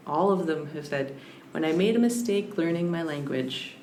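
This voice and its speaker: A woman's voice: deep voice, lively intonation, normal speed, a little mellow. A woman guest on a podcast, a language scholar, talking in a reflective, searching way with frequent restarts. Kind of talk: reflective conversational interview. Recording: roomy with faint background hiss.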